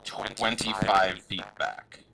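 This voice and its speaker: A man's voice: fairly low pitch, little pitch movement, takes it slowly, crowd noise, rough recording. A man playing a tabletop game, playful and jokey. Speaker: player.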